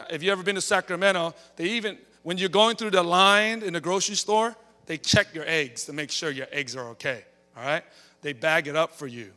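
A man's voice: on the high side, sharp tone. A man preaching a sermon in a church, telling stories in a chatty way and tagging lines with okay and all right. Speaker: pastor. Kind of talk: storytelling sermon. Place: church sanctuary. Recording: reverberant church hall.

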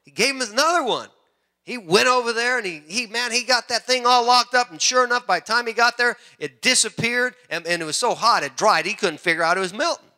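A man from the United States preaching a sermon, telling animated stories with frequent restarts. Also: very high voice, brisk. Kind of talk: sermon with storytelling.

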